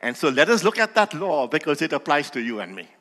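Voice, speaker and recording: A man preaching a sermon as pastor, with emphatic, slowly stressed phrases that swell in volume. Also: on the high side, big pitch swings, pushed and bright. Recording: long hall reverb.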